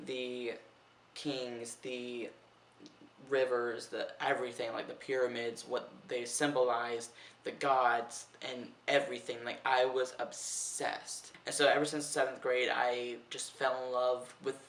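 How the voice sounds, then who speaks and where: A man's voice: mid-range voice, measured pace. Chatty young man, roomy distant sound. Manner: animated and chatty, peppered with "like", swears freely. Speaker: vlogger. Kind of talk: casual chatty vlog. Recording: roomy echo, heard from a distance.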